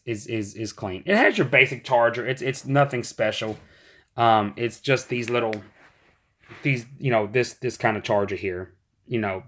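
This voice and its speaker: A hoarse man chats through a gadget review. His voice is slightly screechy and breaks now and then. He rambles, stacking fillers and restarting his sentences. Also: mid-range voice. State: hoarse, voice going in and out. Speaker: tech reviewer. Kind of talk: casual product review.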